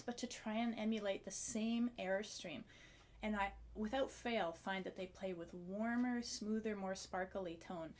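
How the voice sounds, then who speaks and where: A woman with a mid-range voice teaches a clarinet video lesson, walking through a breathing technique in a friendly, step-by-step manner and demonstrating along the way.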